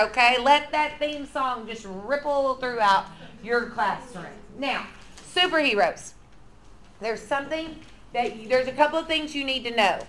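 A woman with a high voice leads a training session for church volunteers, coaching them in an upbeat, encouraging way. She speaks slowly and deliberately to the group. The sound carries the roomy echo of a church classroom. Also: bright, forceful tone, a little hiss or hum. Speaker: church nursery teacher trainer. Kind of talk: energetic training workshop for volunteers.

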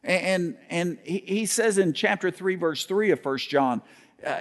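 A man who is a pastor, preaching a sermon with folksy storytelling, humor, and some halting restarts. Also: high-pitched, expressive. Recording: long hall reverb.

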